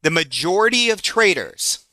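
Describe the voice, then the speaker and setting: A man in his forties teaching in a live trading room, chatty and excitable, breaking off now and then to manage his trades. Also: high voice, normal speed, dry recording, clean studio sound. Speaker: trading educator.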